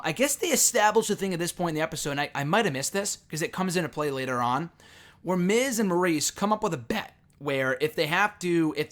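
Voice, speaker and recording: Male reviewer, young adult, slightly higher-pitched voice, loose off-the-cuff recap with lots of ums and restarts. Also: a bit bright. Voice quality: rambling, frequent fillers and self-corrections. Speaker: show reviewer. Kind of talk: casual recap monologue.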